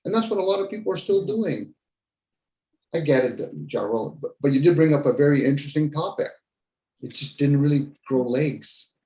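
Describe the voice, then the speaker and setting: In an echoey room, a man who hosts a podcast rants bluntly through a casual debrief conversation, dropping the occasional swear word. His mellow voice is fairly high, lively in intonation and at normal speed.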